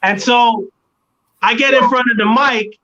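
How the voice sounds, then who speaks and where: A man telling a long studio story in a casual interview, animated and acting out what others said. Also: very high voice, a little slow. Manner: animated storyteller, acts out quoted voices. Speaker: guest artist. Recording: dull lo-fi sound.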